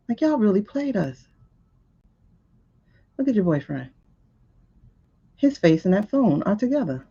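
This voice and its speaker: A woman's voice: mid-range voice, takes it slowly, long pauses, slightly rough, lo-fi sound. A woman hosting a livestream who comments on a news clip in casual, exasperated talk. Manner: animated, exasperated, laughing, talks back to the screen. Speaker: livestream host reacting to a video.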